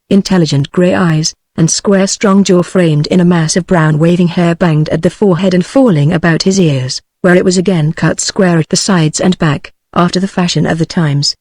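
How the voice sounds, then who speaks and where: A woman's voice: lowish voice, no room sound. A synthetic woman's voice with a British accent, evenly reading an audiobook as narrator. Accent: British English. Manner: even, measured text-to-speech reading.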